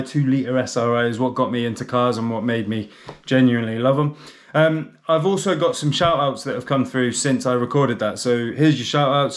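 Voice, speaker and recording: A man hosting a casual car vlog, chatty and chummy with rambling asides. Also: on the high side. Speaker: channel host.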